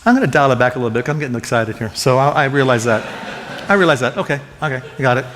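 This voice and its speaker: A man preaching a sermon as pastor, animated and conversational, often restarting and repeating words as he gets excited. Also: medium pitch, fast, big-room sound.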